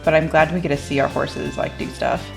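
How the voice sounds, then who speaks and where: A woman's voice: low voice, flat delivery, fairly quick, gravelly, faint music behind. A young woman YouTuber reacting to a game trailer in a bubbly, chatty way, gasping and giggling as she talks. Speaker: gaming YouTuber.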